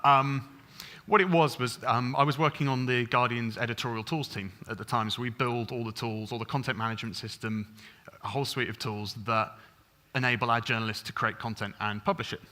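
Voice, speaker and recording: A man speaks from a conference stage in a bright, forward voice. He rattles on in a casual, conversational way, with frequent ums and self-corrections. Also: mid-range voice. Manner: fast, chatty, full of ums and restarts. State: over-caffeinated. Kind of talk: technical conference talk.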